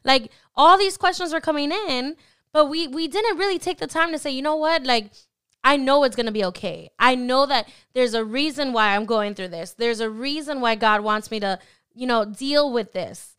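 A young adult woman hosting a podcast, talking casually about faith and acting out imagined thoughts in quick quoted asides. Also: high voice, a bit bright, smooth. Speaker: podcast host.

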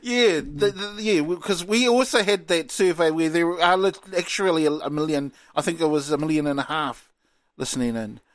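Teasing New man, higher voice. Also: normal speed, no room sound. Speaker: radio host. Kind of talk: casual radio banter.

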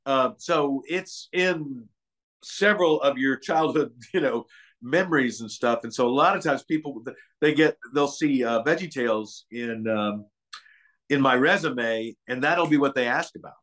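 A man's voice: medium pitch, measured pace, a bit bright. An older man from Kentucky, a guest actor, chatting in an interview and telling meandering stories. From Kentucky, USA. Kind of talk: casual interview chat.

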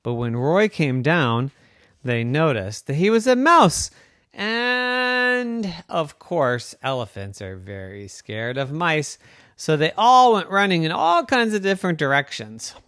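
A storyteller making up a children's story as they go, slow and wandering, with pauses and restarts. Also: medium pitch, sing-song, fairly bright tone, no room sound, studio quality.

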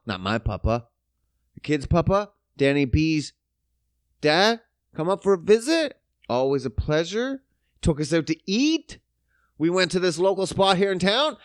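A man delivers a profane, sarcastic rant straight to the camera. His voice sits high and swings widely, dropping to grumbling mutters and then leaping into outbursts. The sound is dry and close, with no room echo.

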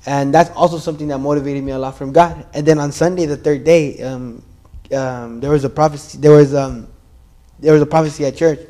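A man's voice: fairly high pitch, fairly even intonation, fairly quick, warm tone. A young man casually sharing his church testimony in an earnest, rambling way, full of "like" and "bro".

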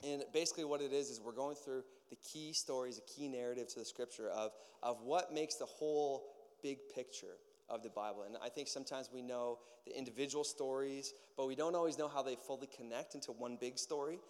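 A man preaching a casual sermon as pastor, an animated storyteller with many fillers and acted-out voices. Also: mid-range voice, brisk, hardly any pauses. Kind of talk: casual sermon with personal stories. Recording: long hall reverb.

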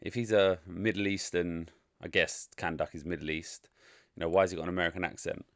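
A man's voice: low-pitched, steady tone, a little fast, no echo, studio quality. A man giving a casual, frank and rambling spoken movie review, full of opinions. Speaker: film reviewer.

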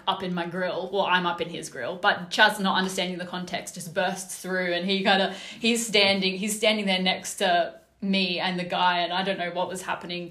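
A woman's voice: fairly low pitch, pushed and bright, reverberant. A woman telling a story in casual chat, with many fillers and restarts.

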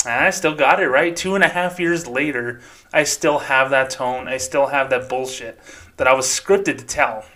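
A man's voice: medium pitch, moderate pace, a bit bright. A man hosting his own podcast, talking alone in a heated, profane rant. His voice sits in an ordinary middle register, and the delivery stays casual and fired up. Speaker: podcast host. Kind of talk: solo podcast commentary.

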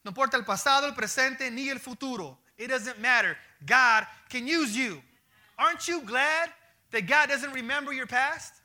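A man preaching a sermon as pastor in an animated, slangy, conversational manner. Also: very high voice, moderate pace.

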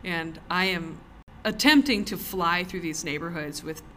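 A woman co-hosting a podcast in a cellar, telling stories in casual chat as an animated storyteller who laughs often. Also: lowish voice, a little slow, background noise. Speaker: podcast co-host.

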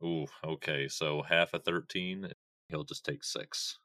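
A man playing in a tabletop game, calmly announcing his character's spells and rolls. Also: a bass voice, takes it slowly, dry recording, studio quality. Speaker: player. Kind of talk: casual tabletop game play.

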